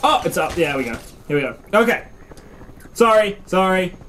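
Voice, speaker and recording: A young man rambles and swears through a let's play, his voice leaping high when startled. He speaks fairly high, with a lively, bouncing delivery, recorded at home on a desk mic with a faint hum behind him. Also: moderate pace. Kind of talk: casual gameplay commentary. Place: home room. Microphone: desk mic and camera mic.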